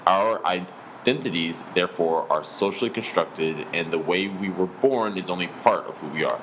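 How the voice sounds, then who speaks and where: Low-voiced man reading scripted narration. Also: a bit bright, slight background noise. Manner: measured, explanatory.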